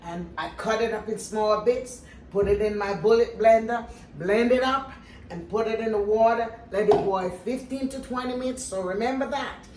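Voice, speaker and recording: A woman's voice: fairly high pitch, moderate pace, a little mellow, slight background noise. An older woman hosting a home cooking video, talking earnestly and directly to her viewers. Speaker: cooking vlogger. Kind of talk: casual home cooking talk. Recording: echoey room, voice a little distant from the mic.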